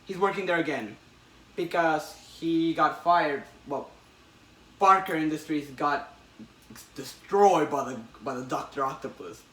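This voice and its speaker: A man excitedly recapping a comic book, often stumbling and restarting, with a bright, fairly high voice. He sounds echoey, as if the mic is set back in a roomy space. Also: a little slow. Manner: excitable retelling, frequent restarts. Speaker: podcast host. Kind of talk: casual comic book chat. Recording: echoey room, distant mic.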